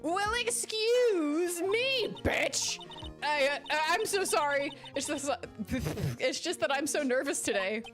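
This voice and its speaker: A woman's voice: expressive, slow, a bit bright, soft background music, exaggerated voice. A woman voicing a nervous young female defense lawyer who talks in a jittery, flustered way. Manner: jittery, flustered, high-strung.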